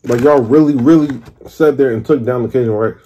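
A food vlogger in his thirties, with a mellow mid-range voice, rants during a mukbang. He sounds exasperated, swears, and drags out his complaints.

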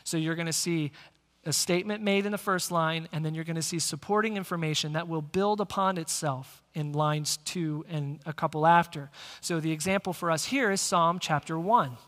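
Pastor guy preaching, high bright voice, keeps talking to the crowd, echoey sanctuary. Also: moderate pace. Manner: energetic, engaging the congregation directly. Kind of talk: sermon. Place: church sanctuary. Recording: long church hall reverb.

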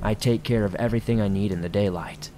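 Male horror narrator, low voice, steady reading, faint rain behind. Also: a little hiss or hum, rough recording. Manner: steady, measured storytelling.

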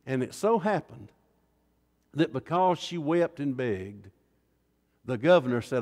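A man preaching a revival sermon, swinging dramatically between hushed tones and loud cries. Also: mid-range voice, lively intonation, a little slow, long pauses. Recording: long reverb in a large hall.

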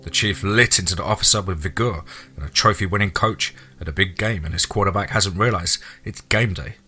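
Low bright-voiced male storyteller. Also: a little fast, slightly rough. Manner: steady storytelling. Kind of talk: reading a horror story aloud. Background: faint music.

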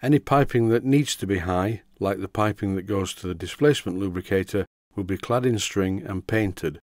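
A Yorkshire man talks through a workshop tutorial in a steady, methodical way, with dry humour. His voice sits low, and the recording is close and dead dry with no room sound. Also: moderate pace, dry recording. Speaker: model engineering tutorial presenter. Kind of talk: instructional voice-over.

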